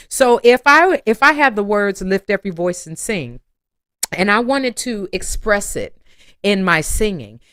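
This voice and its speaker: Bright, animated woman voice teacher. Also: mid-range voice, clean tone, dry recording, studio quality. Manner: encouraging, demonstrates with sung phrases and exercises. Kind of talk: online singing lesson.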